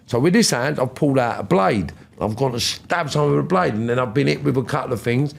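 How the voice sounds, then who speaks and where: Speaking quickly in a gravelly, medium-pitched voice, this podcast guest in his fifties swaps stories casually. He's animated, voices the people he quotes, and doesn't hold back on the swearing.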